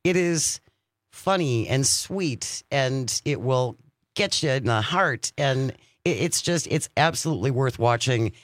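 Lively, animated male radio host. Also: medium pitch, unhurried, dry recording, studio quality. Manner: animated, reads out the phone number and listener texts. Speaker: radio talk show host. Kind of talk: casual radio chat.

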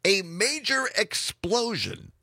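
A hoarse male radio host chatting casually at the mic, his voice gravelly and a little raised. His delivery swings with lively ups and downs, and laughs come easily. The studio sound is dry and close. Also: high-pitched, takes it slowly, no echo. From Wisconsin. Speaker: radio talk show host. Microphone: studio microphone.

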